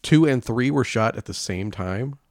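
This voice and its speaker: A man's voice: mid-range voice, animated, moderate pace, no echo. A man co-hosting a podcast in casual chat, laid-back with dry short replies. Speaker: podcast co-host.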